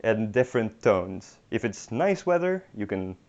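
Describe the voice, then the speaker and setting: A man's voice: fairly low pitch, very animated, unhurried, darkish tone. A young man teaching a beginner language lesson online, hesitant with many ums and restarts, with dry humor. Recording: dull lo-fi recording.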